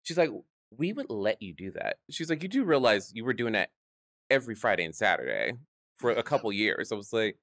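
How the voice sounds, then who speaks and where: Drag performer guest, male, fairly low voice, lively storyteller, dry studio mic. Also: brisk, no room sound. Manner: animated, acts out quoted voices, laughs often. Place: podcast studio.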